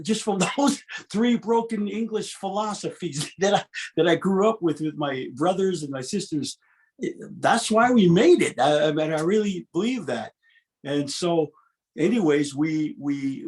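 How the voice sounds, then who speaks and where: A man in his fifties, a guest musician, telling stories in an interview with frequent restarts and laughs. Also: on the high side. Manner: animated, restarts often, laughs between stories. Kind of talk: interview storytelling.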